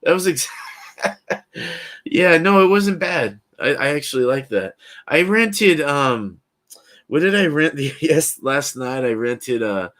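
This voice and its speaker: A man hosts a livestream, chatting casually with his live chat in a laid-back, slangy way and laughing often. His voice is fairly high and fairly bright, animated yet slow.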